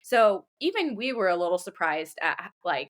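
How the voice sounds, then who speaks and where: A woman in her thirties, a podcast co-host telling a lively story in casual chat, putting on the voices of others. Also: lowish voice, moderate pace.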